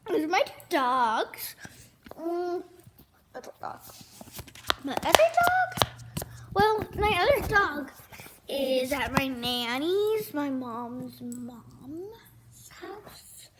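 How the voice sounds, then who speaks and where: A female vlogger chatting casually at home, rambling and cooing at her dogs in a high voice. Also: animated, drawn-out words, pauses often. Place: home, indoors and out in the rain. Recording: noisy home video with rain noise.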